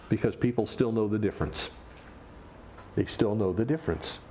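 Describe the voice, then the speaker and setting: A man's voice: on the low side, moderate pace, pauses often, darkish tone, slight background noise. A man preaching a sermon, explaining scripture with rhetorical questions and wry asides. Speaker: pastor.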